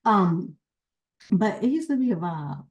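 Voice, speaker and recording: A woman with a warm, mellow voice rambles through her memories in a relaxed vlog. She searches for words now and then and sounds a little sleepy, pitched right in the middle. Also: a little slow, dull audio. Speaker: genealogy channel founder and host. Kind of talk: casual reminiscing vlog.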